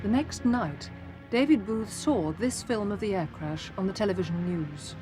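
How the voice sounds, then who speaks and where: A woman reading a scripted documentary voice-over in a crisp, formal way. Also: medium pitch, expressive, normal speed. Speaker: narrator. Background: music bed.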